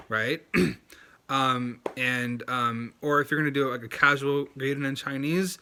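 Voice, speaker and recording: A man's voice: mid-range voice, steady tone, normal speed, sharp tone, slight background noise. A man talking casually in a language-learning video, chatty and loose with lots of fillers, and earnest as he stresses his points. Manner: earnest and emphatic, repeating key points.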